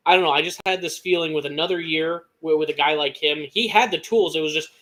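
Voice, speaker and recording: A young man with an American Midwest accent co-hosting a casual sports podcast, talking excitedly and rambling with lots of restarts. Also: on the high side, fast talker. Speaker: podcast co-host.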